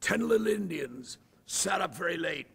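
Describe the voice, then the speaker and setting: A man voicing a schoolboy actor playing a British gentleman, in a deliberately bad put-on British accent with an affected, overly proper reading. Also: sits high, expressive, vocal fry, slightly rough, pitched above the performer's own voice, exaggerated voice. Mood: pompous. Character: stiff teen boy as British gentleman.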